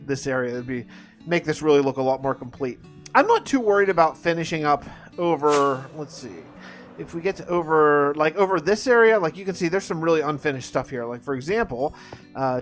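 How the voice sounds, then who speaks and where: A man's voice, a little higher than most, rambles cheerfully over his gameplay, stumbling and repeating his words as he goes. He talks in an easy, casual way into a desk microphone. Soft music plays quietly underneath. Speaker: gaming channel host.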